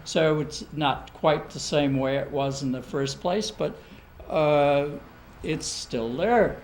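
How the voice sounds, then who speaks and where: A man, a village trustee, speaking haltingly with many fillers at a public budget meeting. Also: a little high, a little mellow, slight background noise, low-quality recording. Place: council meeting room.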